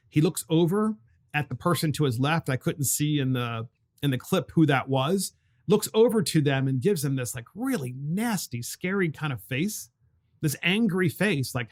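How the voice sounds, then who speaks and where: A man hosting a political podcast, talking in an animated, mocking way and laughing now and then. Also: a little high. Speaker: podcast host. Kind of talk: opinionated political commentary.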